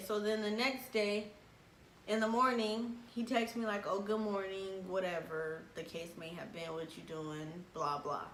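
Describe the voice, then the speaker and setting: A young woman tells a personal story in casual chat, animated, laughing often and acting out what people said. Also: mid-range voice, unhurried. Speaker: vlogger telling a story. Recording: echoey room with faint background noise.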